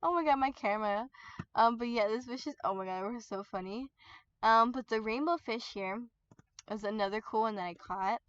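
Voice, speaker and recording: A woman gaming YouTuber giving casual, rambling commentary on her game, giggling often and getting excited. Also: a little high, brisk, clear, resonant tone, no room sound, highs cut off.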